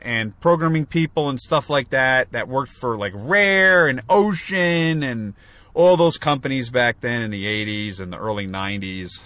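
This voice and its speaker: In casual podcast chat, this male co-host rambles, restarting often and leaning on fillers. His medium-pitched voice is a bit bright, with no echo.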